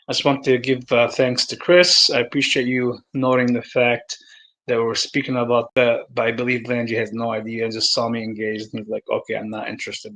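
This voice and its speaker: A man hosting a livestream, talking casually and addressing viewers by name, swinging between calm and heated with lots of fillers and some swearing. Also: mid-range voice, rough recording. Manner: many fillers and restarts, swears. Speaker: livestream host.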